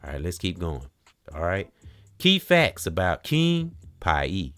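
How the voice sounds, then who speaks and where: A man hosting a casual talk, reading notes aloud haltingly, spelling out names letter by letter and stumbling over words. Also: deep voice, huge pitch swings, a bit bright, dry recording, soft background music. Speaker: host.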